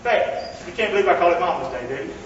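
A high-voiced pastor preaches very fast with lively intonation, getting the congregation to echo his phrases. The recording, made from a distance in an echoey church hall, sounds dull and carries slight background noise.

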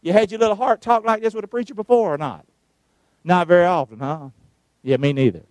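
A male preacher, giving a sermon, calling on the congregation to answer and shouting verses out. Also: sits high, a little fast, dry recording. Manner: calls for responses, shouts the verses out.

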